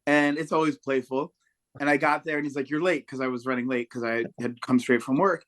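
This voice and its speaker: A man from the United States co-hosting a casual podcast chat, an animated storyteller who acts out his heckles. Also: a little fast. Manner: animated storyteller, mimics heckles with high shouts. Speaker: podcast co-host.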